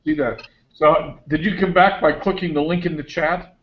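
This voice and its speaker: A man's voice: on the high side, fairly even intonation, normal speed, highs cut off. A man hosting an online discussion group on a video call, chatty and thinking aloud as he sorts out the tech.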